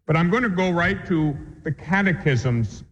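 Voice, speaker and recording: A priest teaching a catechism class, pitched a little high for a man. He speaks in a measured, deliberate way and drives points home with homely examples. The lo-fi recording rings with a long hall reverb. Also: animated. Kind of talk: catechism lecture.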